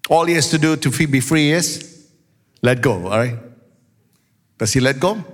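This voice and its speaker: An animated man pastor preaching a story-filled sermon and rising to shouts at its peaks. His voice sits fairly high for a man. A long reverb from the church hall trails behind every phrase. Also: moderate pace.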